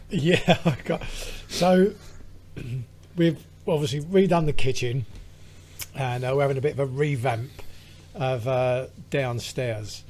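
A man's voice: medium pitch, takes it slowly, a little mellow. A British man, a podcast co-host, telling a long rambling story in casual chat with lots of fillers. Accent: British English.

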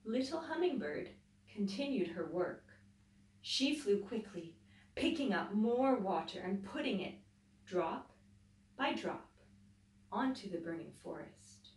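A woman teacher reading a picture book aloud to children, pausing to explain things as she goes. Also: mid-range voice. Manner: slow, expressive storytelling with explanatory asides. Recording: roomy echo, voice from a distance.

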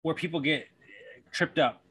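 A man's voice: on the high side, unhurried, fairly bright tone, breathy edge. A male podcast host, fired up and blunt, swearing freely in conversation.

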